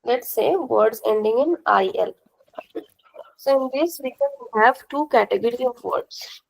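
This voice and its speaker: A young woman with an Indian accent teaches a language class, her slightly high voice moving at a measured pace with some creak. She explains each step patiently and repetitively, stopping to check in with questions. The recording quality is poor.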